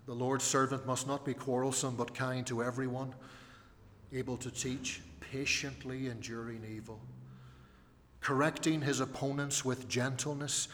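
A man's voice: mid-range voice, fairly bright tone, slight background noise. A man preaching a sermon, earnest and emphatic, rising on his key phrases. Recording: long hall reverb.

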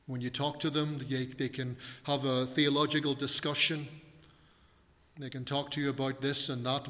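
In a church, a male pastor preaches a sermon earnestly and emphatically, repeating key words and slowing down to stretch them. His voice is a little high with a fairly bright tone, in a big-room sound.

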